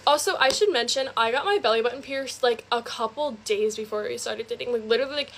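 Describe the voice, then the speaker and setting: A young woman recounts a personal story over the phone, chatting quickly and casually while saying "like" constantly. Her voice sits a little high, with a faint hiss or hum in the background.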